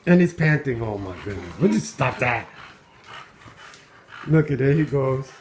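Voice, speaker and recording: A man's voice: medium pitch, unhurried. Guy at home filming his dog on a handheld cam, amused chatter, lots of oh my goodness, mid voice, faint hiss. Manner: amused, exclaiming, chuckling often. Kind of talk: casual running commentary. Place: at home indoors.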